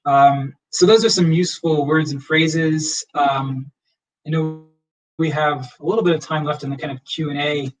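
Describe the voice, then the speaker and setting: A young man teaching as a history professor in a casual livestream lecture, relaxed and rambling with many fillers. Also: fairly high pitch, distant mic, rough recording.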